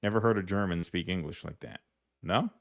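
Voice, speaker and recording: A man's voice: low-pitched, brisk, vocal fry, dry recording. A man co-hosting a casual livestream, reading viewer comments aloud in a dry, sardonic way.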